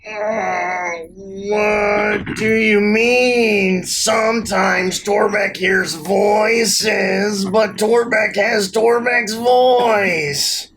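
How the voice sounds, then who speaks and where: A man voicing a gruff, sore male brute with an odd accent who speaks of himself in the third person and shouts his lines. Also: high-pitched, fairly even intonation, exaggerated voice. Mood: groggy. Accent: odd put-on accent. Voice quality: creaky, shouting. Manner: refers to himself by name, slow and loud.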